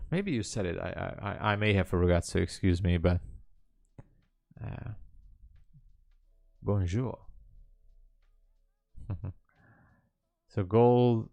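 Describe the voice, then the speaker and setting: A man's voice: deep voice, lively intonation, takes it slowly, vocal fry, long pauses, a little mellow, no room sound, studio quality. A man hosting a live trading stream, chatting casually and hesitantly with viewers in a rambling way. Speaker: livestream trading host.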